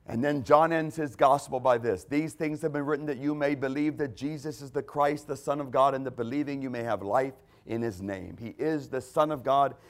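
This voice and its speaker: A man's voice: mid-range voice, normal speed, few pauses. A man preaching a sermon, reading scripture aloud and pressing his points with emphatic bursts. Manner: emphatic, quoting scripture with rising intensity.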